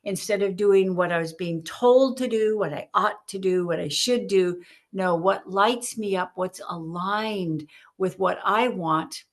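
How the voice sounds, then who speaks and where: A woman author, a guest on a podcast, telling stories in an animated way and acting out the voices in her stories. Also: mid-range voice, unhurried. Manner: animated storyteller, acts out quotes. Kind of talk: podcast interview storytelling.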